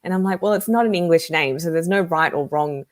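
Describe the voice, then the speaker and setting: Easygoing woman guest, lower voice. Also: fairly quick. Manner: easygoing, laughs often, tells anecdotes. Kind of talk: casual video-call chat. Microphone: video call.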